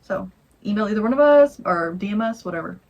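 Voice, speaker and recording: A woman co-hosting a podcast, telling a campfire scary story in a rambling, animated way and acting out the voices. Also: medium pitch, fast talker, dull audio. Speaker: podcast co-host. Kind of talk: casual storytelling chat.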